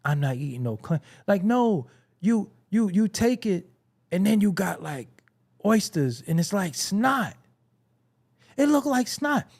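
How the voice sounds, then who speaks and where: A man hosting a hip-hop commentary show, ranting in a casual, profane, comedic way with frequent laughter. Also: sits high. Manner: profane, animated, laughing often, mocking imitations.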